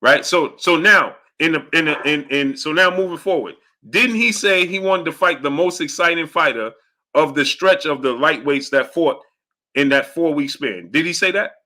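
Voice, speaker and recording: A lively male show host with a bright, forceful voice that sits a bit high. He talks in quick, pushy bursts to callers and breaks into loud laughter as he teases them. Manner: animated, mocking, laughs loudly; pushy rapid-fire questioning. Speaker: boxing call-in show host. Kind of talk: call-in commentary.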